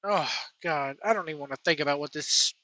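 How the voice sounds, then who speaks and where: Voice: medium pitch, brisk, sharp tone, no room sound, low-quality recording. A wrestling vlogger delivering a sarcastic, profane rant to viewers. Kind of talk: ranting commentary to camera.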